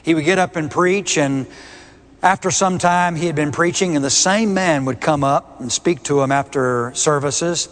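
A man preaching a sermon, emphatic and deliberate, hammering home key words by repeating them. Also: a little high. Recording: long reverb of a large hall.

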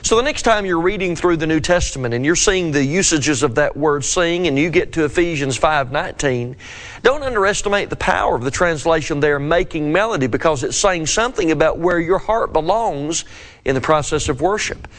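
A man's voice: a little high, expressive, brisk, fairly bright tone. A man preaching a devotional scripture lesson, asking his listeners earnest questions.

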